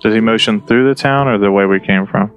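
A man's voice: fairly low pitch, a little fast, highs cut off. A man playing a tabletop role-playing game, talking in character, polite and hesitant with many fillers. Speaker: player. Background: faint music.

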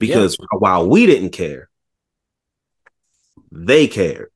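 A man chatting casually about a movie, retelling scenes with animated voices and lots of swearing. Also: deep voice, slow pace, breathy edge. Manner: animated storytelling, acts out scenes, swears a lot. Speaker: podcast co-host.

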